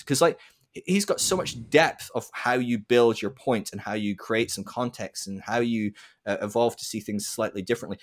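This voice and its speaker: A man's voice: mid-range voice, brisk. A man in casual conversation who tells stories and acts out the people in them, with frequent restarts and tag questions. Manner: animated, acts out quoted voices, frequent restarts and "right?".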